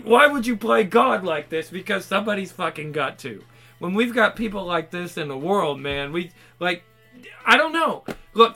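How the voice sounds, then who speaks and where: A man's voice: high voice, sharp tone. A man ranting in an angry, profane, rambling monologue.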